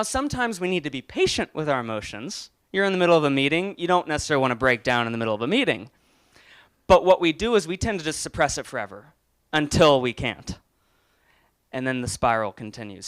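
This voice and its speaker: A man's voice: a little high, smooth. A young adult man giving an earnest motivational talk, often restarting his words and growing emotional. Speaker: motivational speaker.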